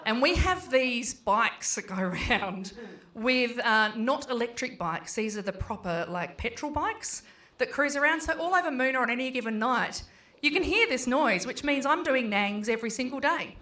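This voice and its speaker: A middle-aged Australian woman works a small pub crowd with a stand-up set. Her voice is bright and lifted and sits a little high. She talks casually, swears freely and acts out her kids in quick voices. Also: expressive. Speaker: stand-up comedian.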